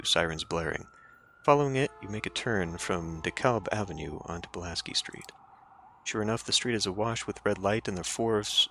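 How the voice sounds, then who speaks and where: A man's voice: low-pitched, bright, forceful tone, slight background noise. A man playing a story game, reading its narration aloud and breaking off into casual joking asides. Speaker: let's play streamer.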